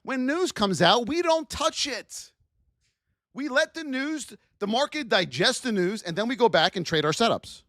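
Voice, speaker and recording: High, lively woman scolding traders. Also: no room sound, clean studio sound. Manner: animated, scolding, exclamatory. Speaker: trading educator. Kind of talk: live-streamed trading lesson.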